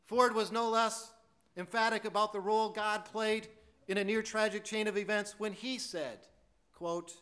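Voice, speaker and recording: A man delivering a sermon in a high voice that lifts his words. He tells the story earnestly and leans on the points he wants to land. His tone is bright and forward, with a stumble here and there. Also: steady tone, moderate pace. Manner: earnest, emphatic storytelling with some stammered restarts. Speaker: preacher.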